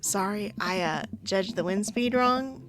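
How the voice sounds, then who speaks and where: A young adult woman streaming a game in casual let's-play commentary, reading the on-screen text aloud, playful and excitable, laughing and yelling at the game. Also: medium pitch, unhurried, faint music behind. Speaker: gaming streamer.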